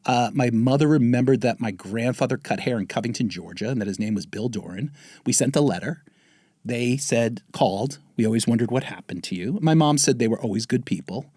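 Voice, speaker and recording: A man in his fifties from the Bronx, a guest telling his family story in a casual interview, lively and acting out what others said. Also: fairly quick, no room sound, clean studio sound. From the Bronx, New York. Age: 50s. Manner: animated storyteller, acts out quotes with pitch jumps. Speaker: guest, TV writer.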